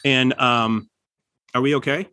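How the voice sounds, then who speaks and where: A man hosting a casual podcast, giving writing advice and acting out quoted lines with sudden jumps in pitch. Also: steady tone, measured pace, pushed and bright, dry recording. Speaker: writer and podcast host.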